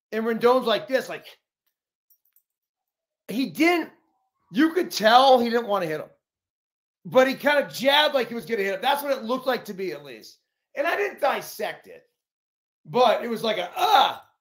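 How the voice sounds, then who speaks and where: A man's voice: sits high, a bit bright, reverberant. A man co-hosting a casual sports chat, explaining plays in a loose, profane way.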